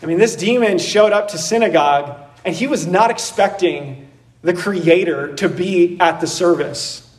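A man preaching a sermon in a conversational, animated way, laughing and acting out voices as he goes. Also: sits high, moderate pace, recorded from a distance. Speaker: pastor. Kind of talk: expository sermon.

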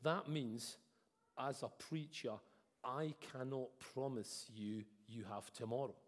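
Preacher in an echoey hall. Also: male voice, mid-range voice, slow. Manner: earnest, swings between loud emphasis and soft intensity. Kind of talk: sermon. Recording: echoey hall with long reverb.

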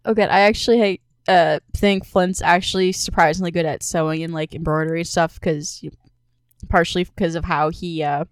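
Chatty woman with a smooth low voice. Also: fairly even intonation, a little fast, no room sound, clean studio sound. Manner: chatty, lots of fillers, enthusiastic. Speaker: player. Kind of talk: casual tabletop game chat.

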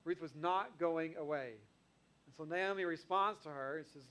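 Earnest male preacher with a high voice. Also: moderate pace, a bit bright. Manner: earnest, conversational preaching, paraphrasing scripture in everyday speech. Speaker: pastor. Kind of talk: sermon.

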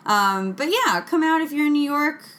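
A woman's voice: high voice, lively intonation, moderate pace, fairly bright tone. A woman co-hosting a podcast in casual chat, rambling and playful, laughing often. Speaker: podcast co-host. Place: New York.

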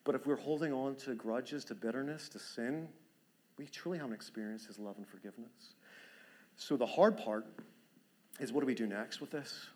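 Earnest male preacher, middle pitch. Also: normal speed. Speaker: pastor. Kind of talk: sermon.

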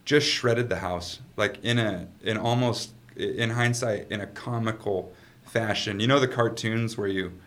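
A man being interviewed as a guest, telling a story in a casual, animated way, laughing often and swearing freely. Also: lowish voice, a little slow. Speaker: guest, company founder.

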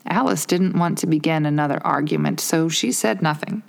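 A woman reading a storybook aloud in a calm, unhurried, measured way. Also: fairly low pitch, creaky. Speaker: narrator.

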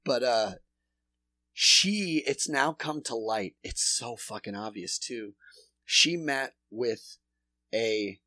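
A man's voice: mid-range voice, animated, slow, bright, forceful tone, no room sound. A man co-hosting a casual podcast, ranting with heavy swearing. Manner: profane, ranting.

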